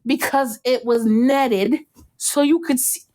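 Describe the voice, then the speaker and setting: A woman hosting a podcast, chatting casually about a TV show, animated and laughing often, with casual swearing. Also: high voice, takes it slowly. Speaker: podcast host. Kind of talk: casual chat recapping a TV show.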